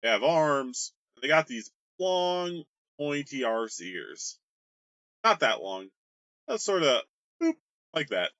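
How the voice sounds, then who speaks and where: A man's voice: mid-range voice, sing-song, slow, long pauses, fairly bright tone, no echo. A man rambling through his tabletop campaign's history in a casual, joking way, with crude humor. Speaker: game master. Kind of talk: casual worldbuilding explainer.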